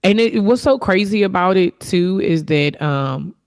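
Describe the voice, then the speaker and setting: A woman's voice: on the low side, lively intonation, measured pace, a little mellow. A woman hosting her own podcast, talking candidly and from the heart in a reflective solo monologue, with fillers and restarts. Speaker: podcast host.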